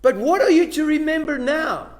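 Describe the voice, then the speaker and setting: A man leads a Bible study class, speaking in a noticeably high register. He is emphatic and keeps turning questions back to the people sitting in front of him. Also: lively intonation, moderate pace. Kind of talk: Bible lesson to a live class.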